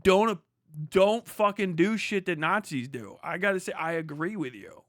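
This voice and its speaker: High-voiced American male streamer, sarcastic profane rant, dry close mic. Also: animated, normal speed, no room sound. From United States. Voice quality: mocking, profane, laughs often.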